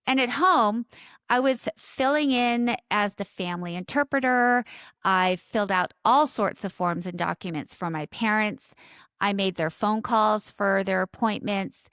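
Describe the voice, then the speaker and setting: Smooth-voiced Southern California woman in her 50s. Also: mid-range voice, a little slow, fairly bright tone, no room sound. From born in South Korea, raised in Southern California. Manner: reflective, conversational, with light self-deprecating asides. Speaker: podcast host. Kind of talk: personal storytelling podcast.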